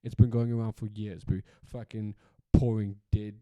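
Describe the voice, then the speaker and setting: A man's voice: fairly low pitch, flat delivery, normal speed, clean tone, dry recording, narrow, tinny audio. A South African man hosting a solo podcast in a casual, rambling rant, swearing freely and repeating himself for emphasis. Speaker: podcast host.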